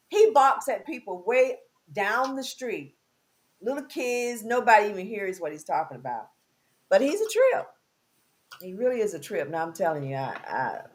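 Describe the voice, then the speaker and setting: A woman hosting a casual chat, telling a story with lively acted-out dialogue. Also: on the high side. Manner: animated storyteller, acts out dialogue. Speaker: host.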